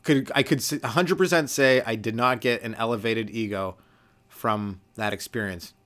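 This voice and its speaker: A young man from Canada hosting a solo comedy podcast, rambling loosely, swearing freely and acting out quick little voices for the people in his stories. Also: mid-range voice, a bit bright. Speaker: podcast host, stand-up comedian.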